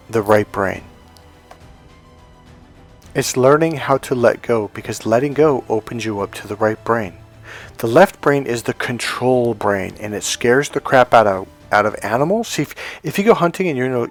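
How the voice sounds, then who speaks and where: A man coaching other men on dating in an emphatic, blunt monologue, swearing freely as he drives his points home. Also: mid-range voice. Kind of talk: motivational monologue to camera.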